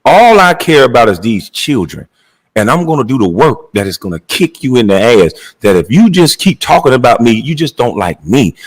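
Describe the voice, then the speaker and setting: A man's voice: medium pitch, big pitch swings, moderate pace, rough recording. A middle-aged man delivering a heated, blunt and profane monologue rant as a commentator.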